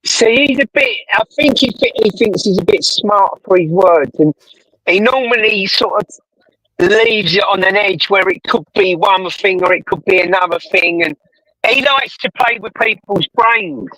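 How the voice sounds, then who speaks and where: A man's voice: high-pitched, normal speed, bright, forceful tone, low-quality recording. A British man chatting casually, rambling and swearing a lot. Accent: British English. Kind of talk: casual chat.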